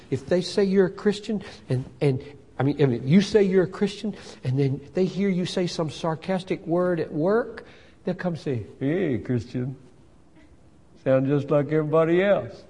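Man, pastor, sermon, emphatic, fairly high voice, long hall reverb. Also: lively intonation, normal speed, slightly rough. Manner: emphatic, building to loud fervent peaks.

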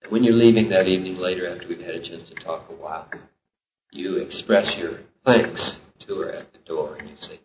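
A man's voice: low-pitched, expressive, moderate pace, distant mic, slight background noise. A man preaching a sermon as pastor, emphatic and climbing to impassioned peaks. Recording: roomy, dull live sermon recording.

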